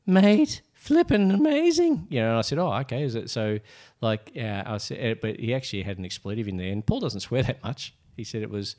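Middle-aged man, low-ish, author recounting his book's road in conversation. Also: fast talker. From Australia. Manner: animated, acts out quoted voices. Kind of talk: casual interview storytelling.

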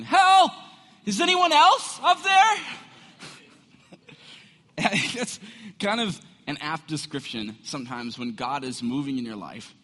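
Middle-aged male pastor, sermon delivery, husky, long hall echo. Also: mid-range voice. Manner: storytelling, animated, acts out voices with laughs. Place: church sanctuary.

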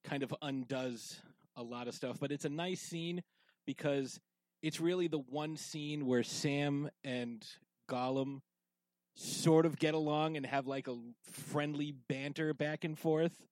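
A man's voice: on the high side, steady tone, a little slow, darkish tone, dry recording, rough recording. Rambling man chatting on a podcast. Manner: rambling, full of fillers and restarts. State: drinking whiskey while talking. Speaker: podcast co-host. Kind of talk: casual podcast chat.

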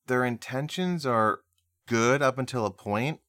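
A man's voice: medium pitch, measured pace, a bit bright, dry recording, studio quality. A man co-hosting a music podcast, chatting casually with a nasal voice, rambling and laughing easily. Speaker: podcast co-host.

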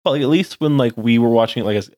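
A man's voice: medium pitch, rapid-fire, a little mellow, dry recording, studio quality. A young man co-hosting a casual podcast chat, rambling with lots of "like". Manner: rambling, heavy use of "like". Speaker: podcast co-host.

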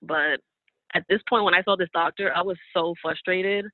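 A woman's voice: on the low side, normal speed, dry recording. A woman in her late twenties, an interview guest telling her personal story candidly and emotionally, with lots of "like". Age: late 20s. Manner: emotional, animated retelling with frequent "like". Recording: tinny phone-line sound.

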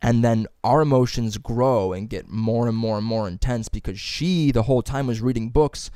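A young man chatting as a podcast co-host, telling rambling, profane stories and acting out quotes loudly. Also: mid-range voice, normal speed, clear, resonant tone, dry recording, clean studio sound. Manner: animated, acts out quotes loudly. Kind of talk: casual chat.

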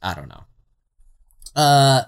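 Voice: medium pitch, big pitch swings, takes it slowly, clean tone. Rambling, wry podcast co-host. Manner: rambling and self-interrupting, with frequent "like" and "um" asides; wry and sarcastic, with casual swearing. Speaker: podcast co-host recapping a TV series. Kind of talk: casual chat.

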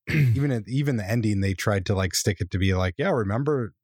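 A man's voice: fairly low pitch, fairly quick, darkish tone, husky, no echo, clean studio sound. A man co-hosting a podcast, rambling and opinionated, full of fillers. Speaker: podcast co-host. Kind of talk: casual chat.

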